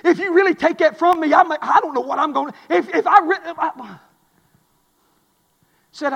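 A pastor preaching a fiery sermon in a church, swinging from hushed and intimate to loud shouting. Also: male voice, extremely high pitch, moderate pace, vocal fry. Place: church sanctuary. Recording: long hall reverb.

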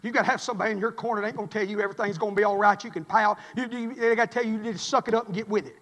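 A male pastor preaching a folksy sermon, swinging from quiet asides to loud exhortation. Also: sits high, steady tone, racing, in a large hall. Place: church sanctuary.

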